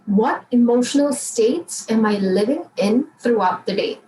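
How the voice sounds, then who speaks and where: A woman emotional intelligence coach answering interview questions in a calm, encouraging way and repeating affirmations. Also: a little high, measured pace. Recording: roomy, distant mic, faint background noise.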